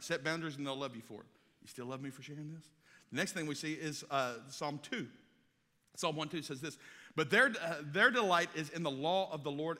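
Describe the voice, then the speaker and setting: A man, preaching a folksy sermon to teenagers, swinging from loud bursts to hushed asides. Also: a little high. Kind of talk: sermon to a youth audience. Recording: reverberant hall.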